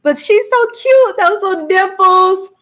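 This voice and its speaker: A woman's voice: extremely high pitch, expressive, a little slow, bright, forceful tone. A woman hosting a live movie discussion, chatting casually with viewers and laughing often.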